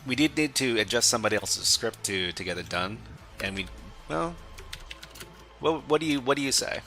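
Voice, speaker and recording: A man's voice: mid-range voice, animated, moderate pace, pushed and bright, faint music behind. A man hosting a live stream, chatting casually as he works through a hacking exercise, often restarting his phrases. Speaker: stream host.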